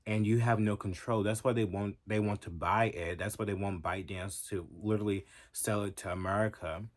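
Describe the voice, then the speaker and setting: A man with a lowish voice delivers a profane, heated reaction rant straight to his viewers. He talks emphatically and angrily as a vlogger. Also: steady tone, fairly quick, a little hiss or hum. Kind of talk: ranting reaction commentary.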